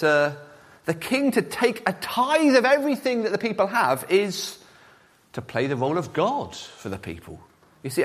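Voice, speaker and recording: A man's voice: sits high, breathy edge. A man preaching a sermon, speaking straight to the congregation and putting questions to them. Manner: animated, questions the congregation directly.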